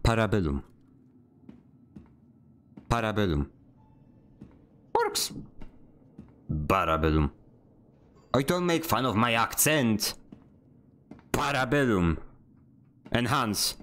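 A man's voice: lowish voice, sing-song, slow, long pauses, fairly bright tone, a little hiss or hum. A young man, streaming a game and barking short voice commands, sarcastic and easily annoyed. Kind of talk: casual gameplay streaming with voice commands.

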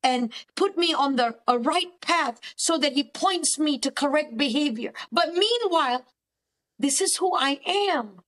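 A woman with a high voice, talking as a therapist guest on a faith-based podcast. She speaks earnestly and with emphasis, circling back and repeating words to drive a point home. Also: animated, a little slow, fairly bright tone. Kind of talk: faith-based counselling conversation.

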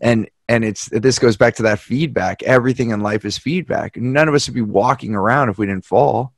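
A podcast host with a medium-pitched voice talks briskly in casual conversation, telling stories and acting out the people he quotes. It's a clean studio recording from a podcast mic, with no echo.

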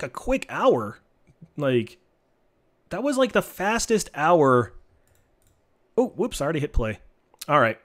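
Animated man streaming a card game. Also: on the high side. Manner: animated, joking, trash-talking. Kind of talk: casual live-stream game commentary.

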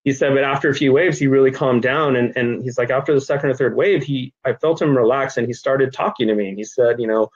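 A man's voice: medium pitch, fast talker, hardly any pauses, husky. Middle-aged man, interview guest, sincere storyteller with many ums, muffled lo-fi recording. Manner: earnest storyteller, frequent ums, gets choked up. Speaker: nonprofit director, guest. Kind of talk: interview conversation.

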